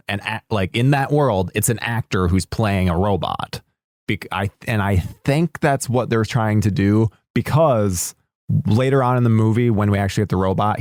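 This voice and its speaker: Male podcast co-host, lowish voice, dry close mic, rambling casual talk. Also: a little mellow, dry recording. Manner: rambling, restarts a lot, swears casually. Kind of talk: casual movie chat.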